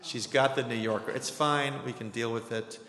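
A man's voice: medium pitch, steady tone, normal speed, a crowd in the background. A man hosting a community lecture, giving announcements and introducing the speaker in a chatty way, with joking asides and plenty of ums. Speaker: program host. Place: lecture hall with audience. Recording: echoey hall with faint noise.

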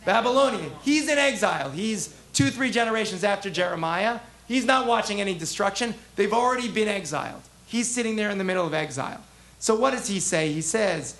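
A man teaching a text class as a rabbi, animated, asking the class questions and acting out the prophets' voices. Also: sits high, fairly quick, gravelly. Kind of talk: interactive text lesson.

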